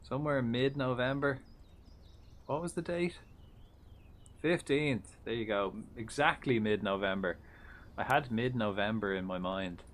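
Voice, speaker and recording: A man's voice: mid-range voice, a little slow, long pauses, a bit bright. A man giving casual live-stream commentary, chatty and jokey, with swearing and offhand asides. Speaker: livestreamer.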